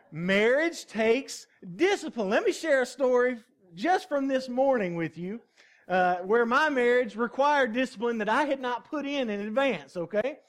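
Folksy preacher guy, kinda high voice, jokes around and quizzes the crowd. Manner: folksy, jokey and conversational, asks the congregation questions. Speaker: pastor. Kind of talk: sermon.

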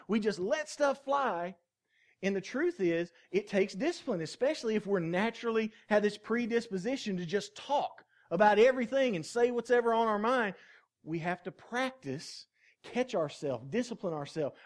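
A male pastor delivers a sermon in a folksy, joking, conversational style, frequently asking the congregation questions. His high-pitched voice is expressive and moves at a moderate pace.

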